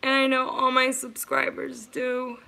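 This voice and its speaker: A woman's voice: sits high, completely flat delivery, unhurried, vocal fry, bright, forceful tone. A woman hosting a livestream, speaking earnestly and emotionally to her viewers, repeating herself as she offers support. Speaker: livestream host.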